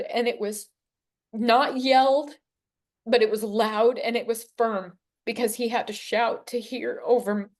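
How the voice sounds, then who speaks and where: A woman in her forties giving an earnest, emotional personal testimony as an interview guest, unhurried, with long pauses. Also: fairly high pitch, a little mellow. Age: 40s.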